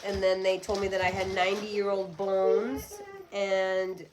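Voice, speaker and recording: A woman's voice: medium pitch, flat delivery, unhurried, noisy background. A woman in her thirties, a podcast guest talking candidly and bluntly, with rambling asides and frequent swearing. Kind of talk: candid casual conversation.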